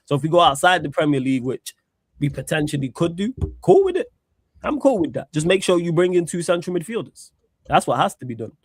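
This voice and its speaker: A man's voice: fairly high pitch, quick pace, a little hiss or hum. A man, talking football casually as co-host of a podcast, chatty and rambling. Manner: chatty, rambling, often restarts.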